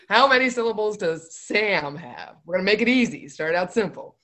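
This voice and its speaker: A woman's voice: mid-range voice, animated, moderate pace, a bit bright. A woman leading a children's library storytime, playful and bouncy, chanting rhymes with kids.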